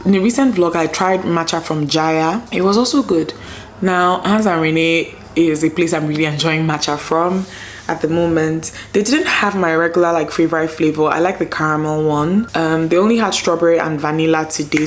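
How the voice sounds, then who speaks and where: Woman vlogger, low-pitched, chatty and rambling, casual talk at home, faint background hum. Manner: chatty, rambling, many fillers. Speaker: lifestyle vlogger. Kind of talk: casual vlog chat to camera.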